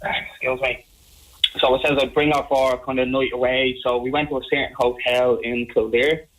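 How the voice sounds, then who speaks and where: Fast-talking Irish man on a phone line. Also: mid-range voice. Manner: animated, repeats himself while telling a story. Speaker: caller. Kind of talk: phone-in storytelling. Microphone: telephone.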